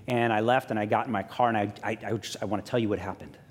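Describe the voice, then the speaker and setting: A man's voice: fairly low pitch, fast, hardly any pauses. Man, pastor, sermon storytelling, self-mocking, long hall reverb. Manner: lively storyteller, self-mocking, voice drops soft and quiet for reflection. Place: church sanctuary.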